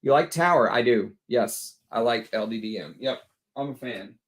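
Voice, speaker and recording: A tired man with a Texas accent hosts a late-evening livestream in a loose, chatty way. His voice sits at an ordinary middle pitch, and he talks bluntly as he answers viewers' comments. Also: expressive, moderate pace. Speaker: fragrance livestream host. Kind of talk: casual livestream chat.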